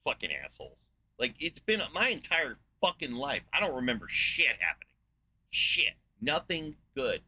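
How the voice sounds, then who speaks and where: A man in his forties from the United States, giving a profane, sarcastic and exasperated rant as a video host, rambling with filler pauses. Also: on the high side, big pitch swings, bright, forceful tone, poor audio. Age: 40s. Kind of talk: ranting monologue.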